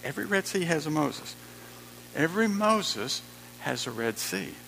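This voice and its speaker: A man's voice: on the high side, sing-song, unhurried, gravelly, sharp tone, long reverb tail, a little hiss or hum, rough recording. A man preaching a sermon, emphatic and repeating his key phrases.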